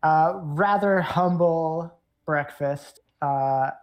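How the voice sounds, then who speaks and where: A woman's voice: low-pitched, very slow, a little mellow. Rambling woman game master. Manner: rambling, laughing, many fillers. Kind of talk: casual tabletop narration.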